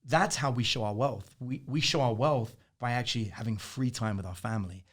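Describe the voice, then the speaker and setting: Male guest, fast and lively storyteller, mid-pitched voice. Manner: animated storyteller, laughs often. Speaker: interview guest. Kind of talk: casual interview chat.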